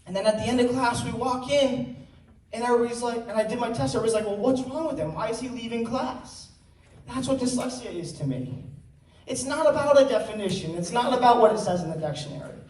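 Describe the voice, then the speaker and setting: A man's voice: very high-pitched, lively intonation, fast talker, darkish tone. Earnest young man in an echoey hall. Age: teens. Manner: earnest storytelling with joking asides. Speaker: student speaker. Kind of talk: personal talk on stage. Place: large hall with audience. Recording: roomy hall sound, mic at a distance.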